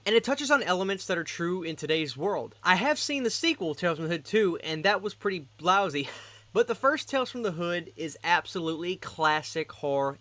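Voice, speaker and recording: A man's voice: a little high, bright, forceful tone, no echo. A man hosting a casual horror movie vlog, talking enthusiastically to camera and often repeating himself for emphasis. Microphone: desk microphone.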